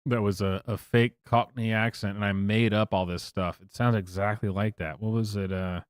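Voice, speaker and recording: A man's voice: on the low side, fairly even intonation, normal speed, smooth, no room sound, clean studio sound. A man streaming live, rambling through profane commentary with many fillers and restarts. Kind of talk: casual livestream commentary.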